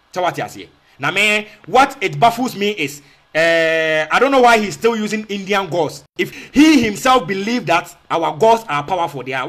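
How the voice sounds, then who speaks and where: A man's voice: sits high, fairly bright tone. A man with a Ghanaian accent giving a casual spoken rebuttal, repeating himself and asking rhetorical questions, mixing in Twi phrases. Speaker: online commentator.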